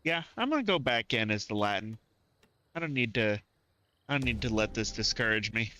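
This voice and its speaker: A man streaming live gameplay and talking it through as he plays. His pitch rises and falls freely, and his tone is bright and forward. He chats casually and reacts aloud to what happens on screen. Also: brisk. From southern United States. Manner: chatty, animated, reacts aloud to the game.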